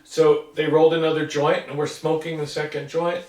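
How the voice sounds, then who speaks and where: A man in his sixties with a fairly high voice for a man, recalling old memories as a rambling storyteller who slips into the voices of the people he quotes. He sits back from the microphone, and his voice rings through a roomy space. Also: little pitch movement, normal speed, a little mellow. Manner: rambling storyteller who acts out what others said. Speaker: interviewee. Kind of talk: casual recollection. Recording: roomy sound from a distance.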